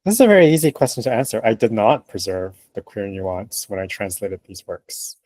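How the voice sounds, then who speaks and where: A man being interviewed as a translator. He speaks in an animated, emphatic way, laughs often and acts out what other people say. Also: lowish voice, brisk, dry recording. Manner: animated and emphatic, laughing, acting out quoted remarks. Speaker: translator, guest. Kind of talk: conversational interview answers.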